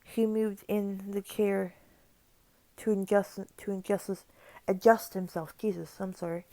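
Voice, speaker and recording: A woman narrating a horror story for her channel, her voice gravelly and mellow with a fairly flat delivery. The sound is dry and close. She stumbles on words here and there and slips in casual asides. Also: medium pitch, unhurried, no echo. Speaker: creepypasta narrator. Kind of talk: reading a horror story aloud.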